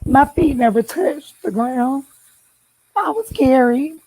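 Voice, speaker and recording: A woman's voice: high voice, lively intonation, slow pace, mellow, breathy edge, dry recording, poor audio. Heartfelt woman giving a tender testimony. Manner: heartfelt, tender, rising to pleading intensity; addresses listeners with "y'all". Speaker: guest sharing a personal testimony. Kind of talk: emotional testimony to friends.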